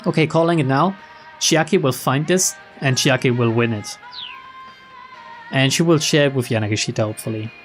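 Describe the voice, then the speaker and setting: A young man reading a visual novel aloud, mixing flat narration with casual, chuckling asides. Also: mid-range voice, moderate pace, faint music behind. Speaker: let's player.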